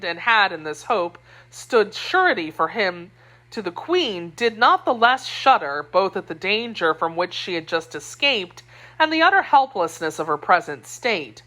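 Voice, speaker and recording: A woman narrating a classic novel as an audiobook, with clear, expressive storytelling. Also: mid-range voice. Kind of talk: scripted narration.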